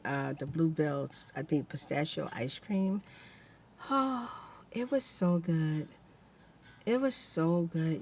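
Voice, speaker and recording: A woman's voice: low-pitched, a little mellow, a little hiss or hum. A middle-aged woman vlogger telling stories to her viewers in a chatty, casual way and calling them y'all. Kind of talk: casual chat to the camera.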